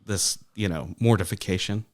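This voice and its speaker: Low-voiced man explaining at length. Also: normal speed. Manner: explains at length with many fillers and restarts. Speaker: podcast co-host. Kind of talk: casual film review chat.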